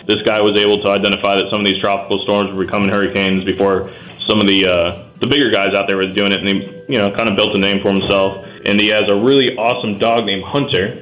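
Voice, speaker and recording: A man explaining a new beer on a radio show, relaxed and full of fillers. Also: fairly low pitch. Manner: laid-back, hesitant with many fillers. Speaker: beer expert guest. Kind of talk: casual product talk. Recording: roomy echo.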